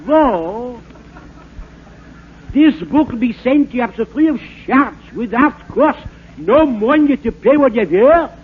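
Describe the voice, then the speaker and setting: An actor playing a bumbling fake French professor, in rambling, stammering comic patter for a 1940s radio comedy. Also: male voice, very high voice, expressive, unhurried, husky, full character voice. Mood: mock-lecturing. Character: bumbling fake French professor, fast-talking huckster man. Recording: narrow-band scratchy 1940s radio broadcast.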